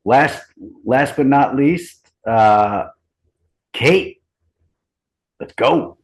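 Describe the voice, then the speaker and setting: A man in his thirties hosting a group video call, talking in a relaxed, rambling, enthusiastic way. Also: medium pitch, extremely slow, poor audio. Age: 30s. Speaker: host.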